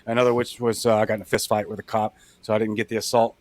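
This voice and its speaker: A young man with a Cajun accent, a podcast guest telling a personal story in blunt, animated casual talk. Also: lowish voice, very fast, dry recording. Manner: blunt, animated retelling with acted-out quotes.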